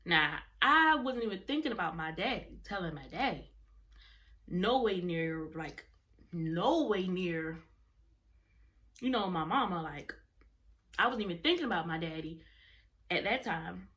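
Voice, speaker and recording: Young woman vlogging, slightly low voice, rambles and restarts a lot, super casual storytime. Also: animated, normal speed, bright, forceful tone. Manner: rambling, self-correcting, colloquial.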